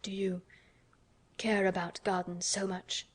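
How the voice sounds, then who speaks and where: A woman reading an audiobook, voicing a weary, grieving middle-aged gentleman who speaks slowly and quietly. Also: medium pitch, steady tone, natural voice. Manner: slow, subdued, tired.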